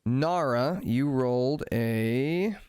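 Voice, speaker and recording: A man's voice: mid-range voice, very slow, darkish tone, smooth, dry recording, clean studio sound. A man narrating a tabletop game as game master, in an easygoing, descriptive way.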